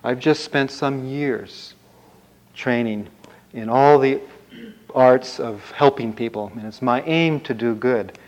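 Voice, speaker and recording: A man's voice: mid-range voice, takes it slowly, a little mellow, lightly acted, rough recording. A man playing a boastful young prince. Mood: proud. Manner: bold, defiant declarations.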